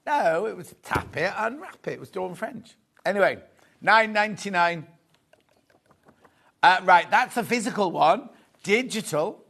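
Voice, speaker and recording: Male shopping-channel host, light higher voice, jokey and chatty, corrects himself as he goes. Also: animated, a little slow, creaky, pauses often, fairly bright tone. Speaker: shopping TV presenter. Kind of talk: live selling chat, reading viewer messages. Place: TV studio.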